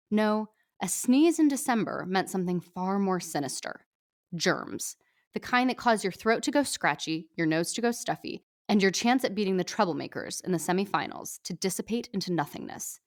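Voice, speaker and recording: A woman podcast host reading a short story aloud in a lively, upbeat scripted narration. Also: on the low side.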